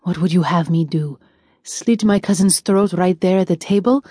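A woman doing a low, stern young prince weighed down by guilt, warm dark tone, audiobook. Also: moderate pace, no echo, clean studio sound, natural voice. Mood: brooding. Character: brooding young male prince, guilt-ridden.

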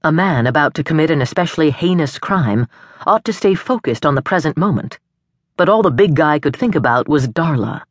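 A woman with a low voice narrates a suspense audiobook, telling the story in a measured yet expressive way. It's recorded on a studio microphone with no echo.

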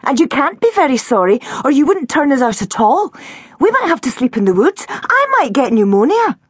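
A woman voicing a bold, indignant nine-year-old girl who talks bluntly and cheekily, pitched well above her own voice. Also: big pitch swings, fairly quick, dry recording, studio quality.

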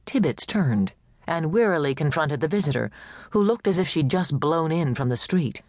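Woman audiobook narrator, measured and even, low pitch. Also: dry recording, studio quality. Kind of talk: scripted narration.

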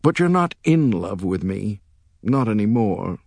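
A man's voice: fairly low pitch, very animated, measured pace, creaky, darkish tone, no room sound, clean studio sound, full character voice. A man reading an audiobook, voicing a tearful, earnest young woman who works as a political chief of staff, with his voice raised.

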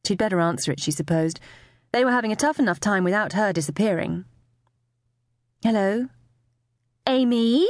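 A woman narrating a novel as an audiobook, with expressive storytelling. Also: lowish voice, fast, no echo, studio quality. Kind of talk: scripted narration.

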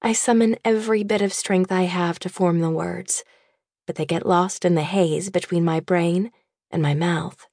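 A woman reading a first-person novel aloud in a soft, measured, intimate way. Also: on the low side, fairly even intonation, dry recording, studio quality. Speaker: audiobook narrator. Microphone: close studio mic.

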